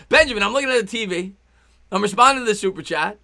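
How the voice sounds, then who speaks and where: Brisk and a bit creaky, this young man's high, bright, ringing voice carries his live-stream baseball play-by-play. He's chatty and excitable, pausing between pitches to say hi to viewers and read out their messages.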